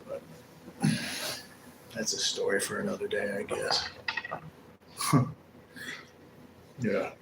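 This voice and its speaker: A man's voice: fairly low pitch, level tone, slow, creaky, pauses often. A man hosting a casual livestream, rambling and swearing a lot as he talks with viewers. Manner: profane, rambling and aggrieved. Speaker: livestream host. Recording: echoey room with background noise.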